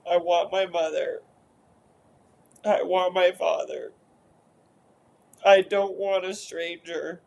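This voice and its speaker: A woman's voice: fairly low pitch, steady tone, takes it slowly, vocal fry, long pauses, a little mellow. A woman voicing her own upset little inner girl, who insistently demands her mother and father. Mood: demanding.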